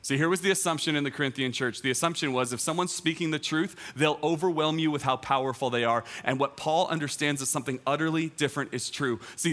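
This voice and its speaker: Bright-voiced man preaching a sermon. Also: fairly high pitch. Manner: earnest, repeats key phrases for emphasis. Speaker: teaching pastor. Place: church auditorium, also streamed online.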